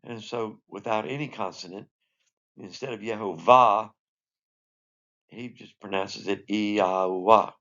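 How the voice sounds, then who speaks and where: A man's voice: on the low side, steady tone, takes it slowly, pauses often, a bit bright, lo-fi sound. A man teaching a recorded Bible lesson, explaining in a conversational way with asides. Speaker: Sunday school teacher.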